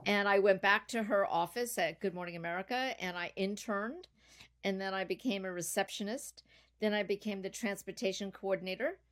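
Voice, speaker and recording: Middle-aged lady guest on a podcast, chatty storyteller, mid pitch voice. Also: brisk. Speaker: podcast guest, business founder.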